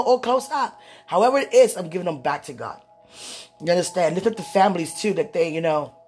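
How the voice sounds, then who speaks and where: A woman who ministers to her viewers in a casual spiritual talk, often breaking into exclamations of praise and moving between lively and hushed, prayerful tones. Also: medium pitch.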